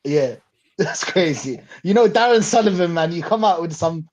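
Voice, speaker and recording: A man's voice: a little high, moderate pace. A man hosting a casual fan podcast, reading out chat comments with slang and frequent laughter. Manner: excitable, laughs often, slangy.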